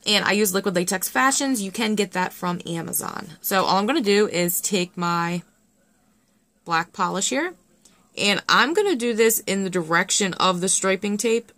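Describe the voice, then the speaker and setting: A young woman chatting excitedly through a nail art tutorial, full of fillers and self-deprecating asides. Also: medium pitch, normal speed, dry recording. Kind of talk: casual tutorial chat.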